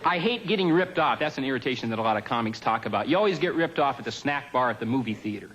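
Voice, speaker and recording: A man doing a stand-up comedy routine on a television studio stage, with a dry, deadpan observational delivery and offhand asides. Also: medium pitch, quick pace, slight background noise, rough recording.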